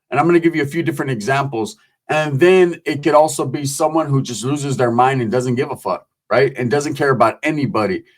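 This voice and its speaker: A man hosting a show, telling prison stories casually, profane and streetwise. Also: a little high. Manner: profane, streetwise, acts out voices in quotes. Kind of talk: casual storytelling.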